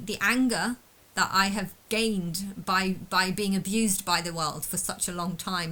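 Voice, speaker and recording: Talking alone to camera without a script, an emotionally distressed vlogger vents her anger in a bitter, profanity-filled rant. Her voice is mid-range with a sharp tone, and the audio quality is poor.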